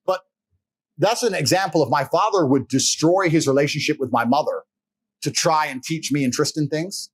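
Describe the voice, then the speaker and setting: A man telling a personal story as a guest, animated, blunt and profane. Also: fairly high pitch, moderate pace, slightly rough. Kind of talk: casual storytelling.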